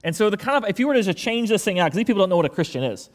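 A man's voice: high voice, very animated, rapid-fire. A man preaching a casual, rambling sermon to his congregation, full of fillers and joking asides. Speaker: pastor.

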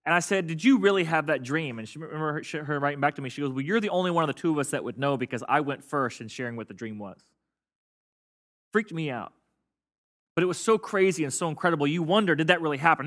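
Before a congregation in the church sanctuary, a male pastor whose voice is bright and a little high preaches a sermon in an informal, joke-filled way. Call-and-response lines punctuate his easygoing, amiable delivery.

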